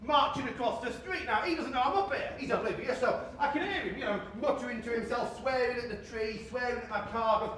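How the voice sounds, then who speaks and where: A man's voice: extremely high pitch, fast talker, hardly any pauses, bright, forceful tone. An actor playing a chatty, stubborn man who lives up a tree, telling a rambling story outdoors. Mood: storytelling. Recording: very echoey, distant, faint outdoor noise.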